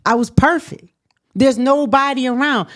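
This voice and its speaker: A woman in her thirties from the United States, candidly telling a personal story in a relaxed chat, quiet and reflective. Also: high voice, moderate pace. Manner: animated retelling with acted quotes, then quiet and reflective. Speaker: guest.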